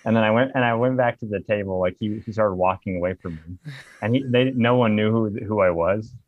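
Low-voiced bar owner telling profane stories. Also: male voice, fairly quick, phone-quality sound. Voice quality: profane, animated anecdote telling. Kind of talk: casual storytelling.

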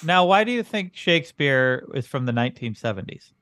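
A man playing the puzzled straight man in improvised podcast comedy, questioning each absurd claim his partner makes. His pitch swings widely and animatedly as he reacts. The recording is close and dry. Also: big pitch swings, brisk, a bit bright, no echo. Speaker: podcast co-host.

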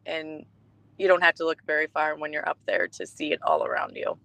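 A woman co-hosting a podcast, telling stories in casual chat, warm and emotional, with many restarts. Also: low voice, huge pitch swings, a little fast, creaky, dry recording, poor audio. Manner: chatty storytelling with restarts, emotional. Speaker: podcast co-host.

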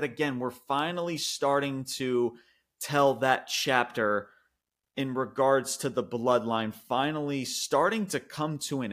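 A man co-hosting a podcast, giving an animated, rambling review in casual chat with frequent restarts. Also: mid-range voice. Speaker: wrestling podcast co-host.

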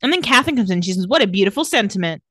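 Woman retelling a show, acting out lines, very lively voice, dry mic. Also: medium pitch, very fast, no room sound. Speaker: podcast co-host recapping a TV episode. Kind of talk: casual chat.

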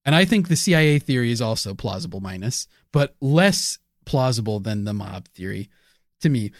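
A man's voice: medium pitch, animated, moderate pace, no echo. Dry, hedging male podcast co-host. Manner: hedging, self-correcting, laughs often. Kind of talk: casual conspiracy podcast chat.

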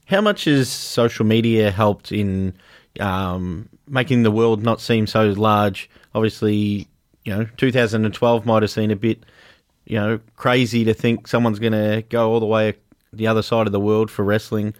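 A man's voice: fairly low pitch, steady tone, normal speed, no room sound, clean studio sound. A man interviewing a guest, asking long, rambling questions.

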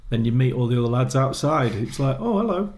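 A former footballer telling stories, laughing. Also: male voice, medium pitch, fast, background noise. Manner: animated storytelling, acts out quotes with laughter. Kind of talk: casual chat.

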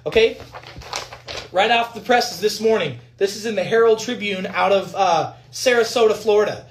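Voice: medium pitch, normal speed, a little hiss or hum. A physician in a fired-up, profane rant at viewers about news articles, hammering points with repetition. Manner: fired up, emphatic, repetitive, swears; addresses viewers directly. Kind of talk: ranting commentary on news articles.

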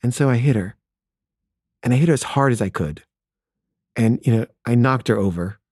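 A man tells a personal story in a candid, wry, conversational way. His voice is mellow and relaxed, and it sits at an everyday middle pitch. The sound is dry and close, with little room echo. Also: moderate pace, slightly rough.

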